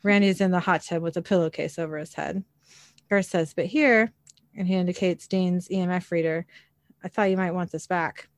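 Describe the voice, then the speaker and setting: A woman's voice: on the low side, steady tone, normal speed, dry recording. Dry-sounding woman narrating TV scenes. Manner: reads quoted dialogue plainly, with small fillers. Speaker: describer narrating a TV episode.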